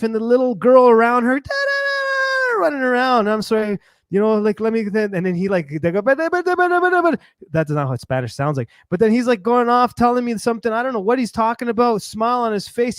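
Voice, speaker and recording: A man hosting a podcast, telling a rambling, lively story and acting out the voices of people he met. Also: very high voice, smooth, no room sound. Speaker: podcast host. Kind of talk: animated storytelling monologue.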